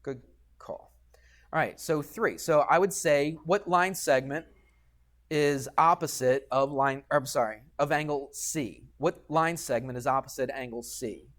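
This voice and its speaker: A male math teacher talking through a geometry lesson in a classroom. His voice sits a little high for a man, and he is patient and talkative, tagging "okay?" onto his points as he checks in with the class. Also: unhurried, a bit bright.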